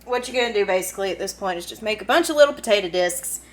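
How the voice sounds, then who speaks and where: A woman's voice: medium pitch, lively intonation, rapid-fire, heavy background noise. A woman with a Kentucky accent, chatting and giggling casually as she cooks in her home kitchen for a cooking vlog. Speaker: cooking vlogger.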